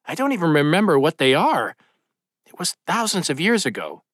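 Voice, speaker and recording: A man's voice: fairly high pitch, wildly swooping pitch, moderate pace, fairly bright tone, slightly rough, dry recording, clean studio sound, voice pushed up, exaggerated voice. A man voicing a casual, irreverent male god who waves off his own old rules. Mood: offhand. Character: blunt folksy male deity, easily bored.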